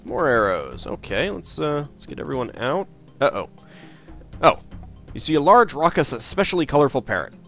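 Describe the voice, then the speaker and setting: A man's voice: fairly high pitch, very animated, normal speed, vocal fry, fairly bright tone, faint music behind. Man musing through a game. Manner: musing, hesitant, lots of uhs. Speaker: let's player. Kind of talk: casual gameplay commentary.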